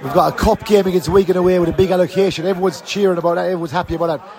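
A man with a notably high voice rants bluntly after a match, swearing freely and sounding fed up. A faint crowd murmurs behind him. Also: fairly even intonation, very fast. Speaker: fan podcast host. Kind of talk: post-match fan rant. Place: outdoors and in a bar around the match.

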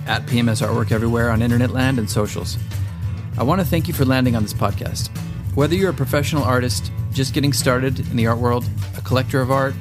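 A man hosting his own podcast, talking in a loose, chatty rant and swearing freely. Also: mid-range voice. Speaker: podcast host. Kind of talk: casual solo podcast rant.

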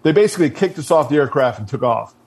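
A man of ordinary pitch tells a story from his service days in a loose, conversational way. He is blunt and swears freely, and he often trips over and restarts his sentences. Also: expressive, fast talker, darkish tone, breathy edge. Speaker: guest, military veteran. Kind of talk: casual storytelling.

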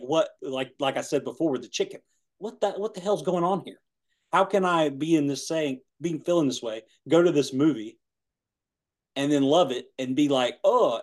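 A man's voice: medium pitch, darkish tone. A man in his forties telling a rambling personal story in casual chat, laughing often and saying "man" and "you know". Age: 40s. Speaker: guest.

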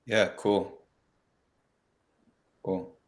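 A man hosting a podcast in a casual interview, speaking in a friendly, relaxed way with frequent "like" fillers. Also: low voice, drawn-out words. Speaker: podcast host.

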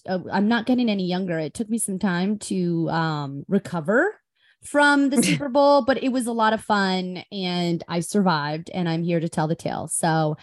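A woman's voice: lowish voice, normal speed, no room sound, clean studio sound. Easygoing rambling woman co-host. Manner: rambling, filler-heavy, easygoing. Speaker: podcast co-host. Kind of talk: casual chat.

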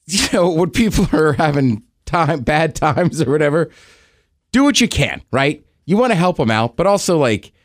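A man's voice: on the high side, very animated, normal speed, no room sound, studio quality. A man co-hosting a podcast in an easygoing, agreeable casual chat. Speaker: podcast co-host.

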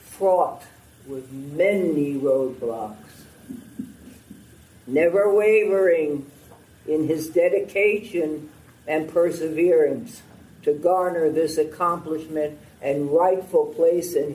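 An older man giving a formal, heartfelt prepared speech at a memorial ceremony, in a slow and measured way. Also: a little high, fairly even intonation, darkish tone, roomy sound, distant mic, low-quality recording.

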